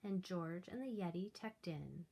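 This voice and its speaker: Lower-voiced woman reading a storybook. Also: unhurried, creaky, noisy background. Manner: animated read-aloud with soft asides. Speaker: school librarian. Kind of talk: reading a picture book aloud.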